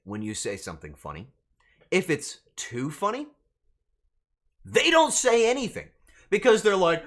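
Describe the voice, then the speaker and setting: A man's voice: a little high, wildly swooping pitch, unhurried, a bit bright. A male streamer in casual live-stream chat, flustered and swearing as he banters with his chat.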